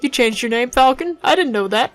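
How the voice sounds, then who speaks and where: A woman's voice: sits high, animated, a little fast, dry recording, soft background music, voice pushed up. A woman voicing an eager, naive young male sparrow sidekick in a game. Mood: surprised. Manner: eager, wide-eyed questions.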